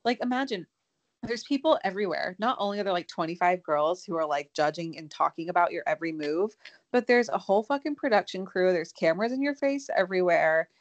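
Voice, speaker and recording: A woman's voice: lowish voice, lively intonation, a little fast, muffled recording. A young woman co-hosting a podcast, chatting casually and sympathetically about a reality show, with some swearing. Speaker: podcast co-host.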